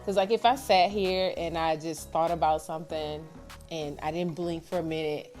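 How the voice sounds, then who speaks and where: Animated woman interview host. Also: deep voice, normal speed, soft background music. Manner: enthusiastic and animated. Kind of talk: casual interview chat.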